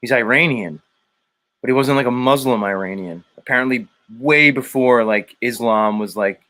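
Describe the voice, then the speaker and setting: A man's voice: medium pitch, moderate pace, fairly bright tone. A man hosting a casual livestream show, rambling, joking and swearing as he reads viewer comments aloud.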